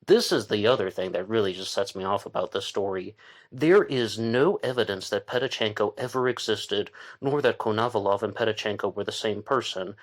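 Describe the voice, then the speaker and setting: A man's voice: lowish voice, fairly quick. A man hosting a casual true-crime talk, thinking aloud with fillers and restarts as he goes. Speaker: podcast host.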